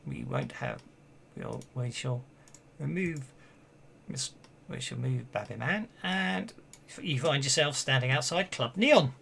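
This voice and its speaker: A man running a tabletop game as game master, chatty and halting, often breaking into laughter. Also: medium pitch, lively intonation, creaky, a bit bright, breathy edge.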